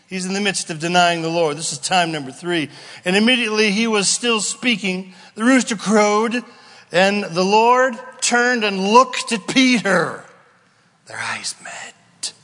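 High lively preacher guy, bright voice, big hall echo, playful, acts out little voices. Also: unhurried. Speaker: pastor. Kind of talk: sermon. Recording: long hall reverb.

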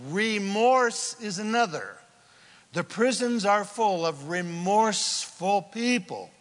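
Impassioned high-voiced preacher in a hall. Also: male voice. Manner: impassioned preaching, builds to shouts then drops to a hush. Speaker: pastor. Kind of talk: sermon.

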